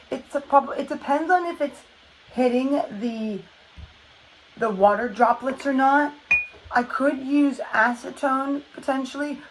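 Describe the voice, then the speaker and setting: A woman's voice: high voice, rough recording. A woman chatting casually as she does her nail art, rambling and correcting herself while she works. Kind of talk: casual tutorial narration.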